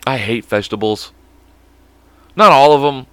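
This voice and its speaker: A man's voice: mid-range voice, lively intonation, moderate pace, pushed and bright, no room sound. A man with an American accent hosting a comedy podcast, reading aloud with stumbles, swearing a lot and drifting off topic. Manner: profane, goofy, drifts off topic, puts on silly voices; stumbles over words while reading. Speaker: podcast host. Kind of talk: rambling comedic podcast monologue.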